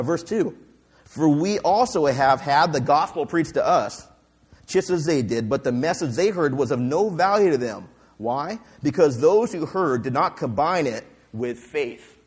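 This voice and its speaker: Give me a male pastor with a slightly high voice, preaching a lively storytelling sermon. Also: breathy edge. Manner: animated storytelling, acting out quoted voices; fillers and restarts.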